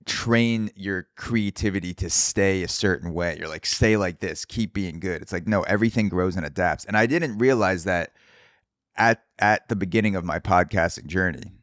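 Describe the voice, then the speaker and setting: Low-voiced man with a dry close sound. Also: moderate pace, dry recording. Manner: animated storytelling, acts out quoted voices, swears casually. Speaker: podcast host. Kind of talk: solo podcast monologue. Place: Brooklyn, New York.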